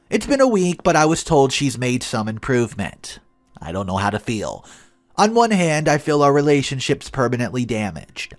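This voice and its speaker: A man narrating an online story in a dramatic, scripted reading. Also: medium pitch.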